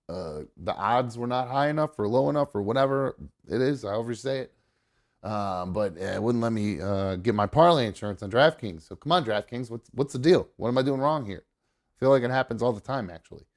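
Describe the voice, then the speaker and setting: A man hosting a live show, talking excitedly and casually, swearing and rambling with lots of fillers. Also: medium pitch, brisk. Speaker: host. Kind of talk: live show chat about football. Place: home studio.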